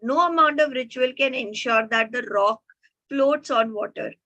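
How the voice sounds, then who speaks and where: A woman's voice: sits high, normal speed, bright, forceful tone, no echo, dull audio. A woman voicing a puzzled male king who earnestly explains himself as she retells a story. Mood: protesting. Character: puzzled male king protesting his point.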